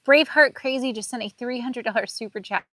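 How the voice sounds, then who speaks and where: A woman's voice: fairly high pitch, fairly quick, fairly bright tone, dry recording. A woman co-hosting a livestream, reading out viewer messages and chatting in a playful, teasing way. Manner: playful, teasing, laughs often. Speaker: livestream co-host reading super chats. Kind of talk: casual livestream chat.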